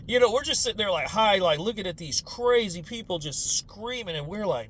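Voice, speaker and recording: A man's voice: high voice, normal speed, hardly any pauses, a little hiss or hum. A man in his forties doing a profane, casual comedic rant about politics and generations. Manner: profane, animated, lots of quoted voices. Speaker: commentator.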